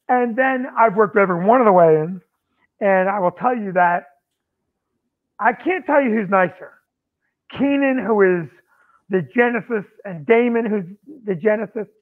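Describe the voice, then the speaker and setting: A man who owns a comedy club, telling stories in casual podcast chat and acting out what people said. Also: sits high. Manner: animated storyteller acting out quotes. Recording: tinny phone-like line.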